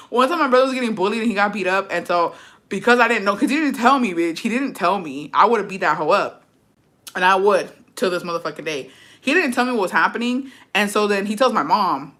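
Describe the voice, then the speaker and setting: A woman's voice: mid-range voice, sharp tone. A young woman streaming, chatting casually and reading comments aloud, profane and sassy, laughing often. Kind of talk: casual live-stream chat.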